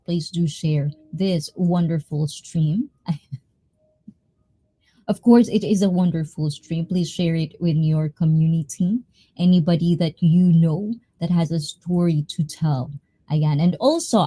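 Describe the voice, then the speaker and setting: A Filipino woman hosting a casual livestream chat, bubbly and quick to laugh between lines. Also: deep voice, dark tone. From Philippines. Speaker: livestream host.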